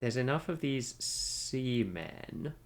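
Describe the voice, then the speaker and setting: Slow and gravelly, this medium-pitched man's voice has a lively lilt as he narrates his own gameplay on a stream. He muses out loud in a rambling, casual way, frequently revising what he just said.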